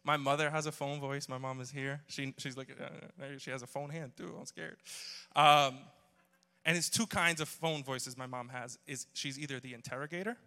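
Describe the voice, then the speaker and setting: A man's voice: mid-range voice, fairly even intonation, moderate pace, pushed and bright. A man preaching a humorous sermon, telling jokey stories and bantering with the congregation. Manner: joking, storytelling, audience banter. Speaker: pastor. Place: church hall. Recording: long hall reverb.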